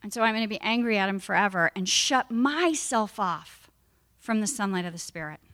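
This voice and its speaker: A woman's voice: medium pitch, animated, moderate pace, fairly bright tone. A middle-aged woman giving a candid personal testimony at a recovery meeting, emphatic and frank. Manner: candid, emphatic, acts out her past self in raised voice.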